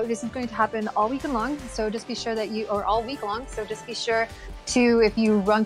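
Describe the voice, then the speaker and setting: A woman casting an esports tournament, chatty and upbeat, laughing often. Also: medium pitch. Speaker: esports caster.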